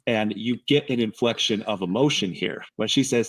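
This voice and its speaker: Guy analyzing statements on a stream, lowish voice, walks through each point slowly, dry sound. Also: fairly bright tone, dry recording. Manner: measured, explanatory, breaks down wording point by point. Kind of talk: explaining video clips on a livestream.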